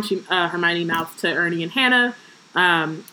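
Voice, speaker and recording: A woman's voice: on the low side, moderate pace, bright, forceful tone, low-quality recording. Young woman podcaster reading from a novel and riffing on it, chatty and joking. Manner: reads book passages aloud with asides and jokes. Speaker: podcast co-host. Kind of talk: casual chat, reading aloud from a book.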